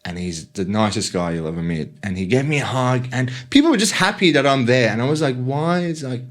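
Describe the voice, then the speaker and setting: A man from Iran, a podcast guest telling his personal story in an animated way and acting out quotes. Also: mid-range voice, fast. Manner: animated storyteller, acts out quotes, many yeahs. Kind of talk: personal testimony in conversation.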